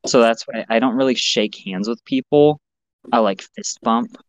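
A man co-hosting a podcast, chatting casually and swearing, animated. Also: moderate pace, no echo. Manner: animated, swearing, mimics others in a higher voice. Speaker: podcast co-host. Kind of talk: casual chat. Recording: dull lo-fi sound with faint noise.

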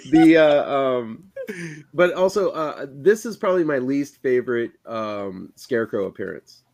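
A man co-hosting a casual movie review podcast, talking in halting bursts with many restarts. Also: medium pitch, very animated, creaky, darkish tone. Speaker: podcast co-host.

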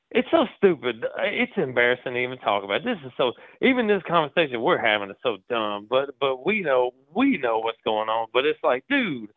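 A man's voice: medium pitch, no echo. A man calling in to a talk show, ranting in casual slang, repeating words and acting out what others say. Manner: animated, slangy, repeats words, acts out quotes. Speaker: caller. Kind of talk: casual call-in rant. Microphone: phone. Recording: tinny phone line.

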